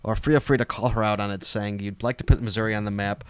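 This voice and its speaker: A man's voice: lowish voice, fairly even intonation, fast talker, clear, resonant tone. A man co-hosting a casual podcast, reading out listener email and teasing his co-host, laughing often.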